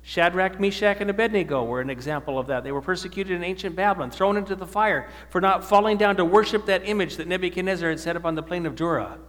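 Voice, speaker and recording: A man's voice: high-pitched, fast talker, hardly any pauses, fairly bright tone. Preacher man in a reverberant hall. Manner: asks the audience questions and answers them. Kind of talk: sermon. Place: church or meeting hall with an audience.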